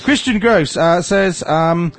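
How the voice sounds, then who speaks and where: A man's voice: high voice, lively intonation, slow pace, no room sound. A man co-hosting a podcast, bantering sarcastically and reading listener emails aloud. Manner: mock-corporate sarcasm, teasing. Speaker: podcast co-host.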